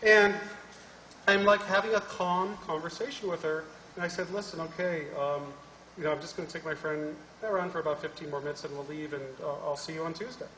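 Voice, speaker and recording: A man's voice: on the high side, steady tone, fast, bright, forceful tone, slight background noise. A man on a conference panel telling a story with animation and acting out both sides of a dialogue. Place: large conference hall. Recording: echoey hall from a distance.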